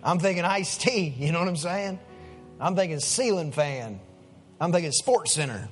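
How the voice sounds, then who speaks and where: A man's voice: high-pitched, expressive, normal speed, faint music behind. A man, a pastor in his thirties preaching a sermon in a folksy storytelling way. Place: church sanctuary.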